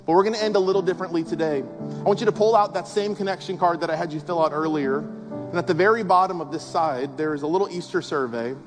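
High-voiced pastor preaching in a reverberant hall. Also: male voice, fast. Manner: conversational, emphatic preaching with rhetorical questions. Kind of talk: sermon. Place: large church auditorium. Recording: long hall reverb with faint music.

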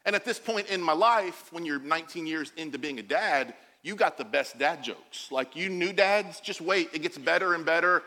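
A bright, high-pitched man in his forties delivers a lively sermon, joking and acting out the quotes he tells. His voice rings out with a long reverb from the church hall around him. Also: normal speed, hardly any pauses. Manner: animated, jokey, acts out quotes. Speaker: pastor.

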